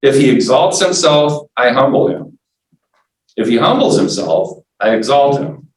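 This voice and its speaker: Far from the mic in a roomy church meeting room, a man with an expressive, medium-pitched voice leads a forum class at a measured pace. He teaches conversationally, frequently asking "right?" and voicing people's inner thoughts.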